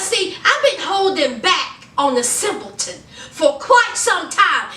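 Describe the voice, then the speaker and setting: A woman giving a sassy, animated casual commentary as a reality TV recap vlogger, slipping into quoted voices. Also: extremely high pitch. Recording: echoey room, a bit far from mic, faint noise.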